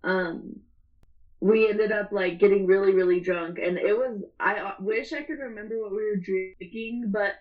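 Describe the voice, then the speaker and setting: A woman's voice: mid-range voice, fairly even intonation, normal speed, phone-quality sound. A young adult woman telling a story in casual chat, rambling and swearing, often breaking into laughter.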